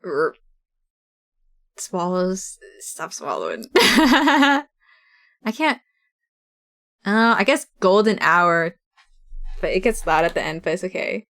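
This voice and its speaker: A woman's voice: mid-range voice, animated, takes it slowly, pauses often, fairly bright tone. A woman from the West Coast of the US, a streamer chatting casually with viewers, reading chat aloud and laughing often.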